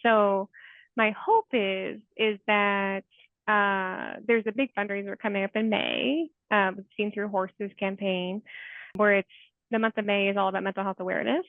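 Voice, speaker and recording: A woman's voice: mid-range voice, fairly even intonation, moderate pace, vocal fry, no echo. A therapist in her forties, a woman, speaking as an interview guest in an earnest, heartfelt way, with many "like" fillers. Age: 40s. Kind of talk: conversational interview storytelling. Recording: tinny phone-like remote call audio.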